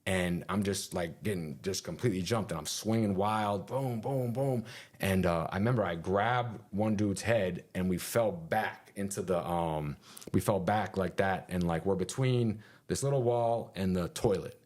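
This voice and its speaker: Deep-voiced man telling a story. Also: moderate pace. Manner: animated, full of fillers and sound effects like "boom"; swears casually. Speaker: interview guest. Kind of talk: casual storytelling in a podcast interview.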